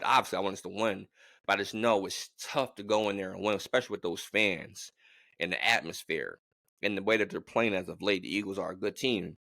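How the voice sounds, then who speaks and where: Man, fan vlogger, animated rambling talk, lowish pitch, dry sound. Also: creaky, no room sound. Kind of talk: casual sports opinion monologue.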